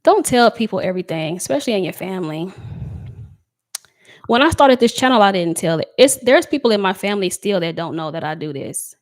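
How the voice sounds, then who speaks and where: A woman's voice: medium pitch, animated, brisk. Emotional woman chatting to viewers. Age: adult with a child. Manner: emotional, heartfelt, reads viewer comments aloud. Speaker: tarot reader livestream host. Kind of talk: casual livestream chat reading comments.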